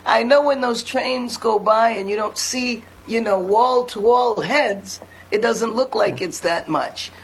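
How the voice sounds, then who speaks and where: An older woman speaking as a city mayor, guest on a casual interview, confident and measured with frequent fillers. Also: on the high side, low-quality recording.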